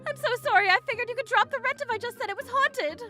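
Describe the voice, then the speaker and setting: A woman playing a frantic, high-voiced lying tenant. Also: pushed and bright, soft background music. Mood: frightened. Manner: frightened, rushed confession.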